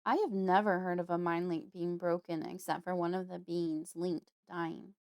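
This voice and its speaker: A woman voicing a gentle, protective uncle, speaking in a calm, soothing and measured way. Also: on the low side, dry recording, studio quality, lightly acted.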